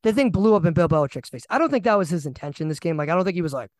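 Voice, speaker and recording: A young man co-hosting a casual sports podcast, animated and ranting, often repeating himself. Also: a little high, racing, few pauses, no echo. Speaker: podcast co-host.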